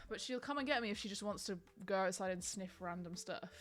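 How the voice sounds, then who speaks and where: A young woman talks casually to her stream at a middle pitch, wandering from thought to thought with plenty of ums and likes. Soft music plays faintly behind her. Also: fairly quick, hardly any pauses. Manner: chatty, rambling, frequent ums and likes. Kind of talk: casual chat on a live stream.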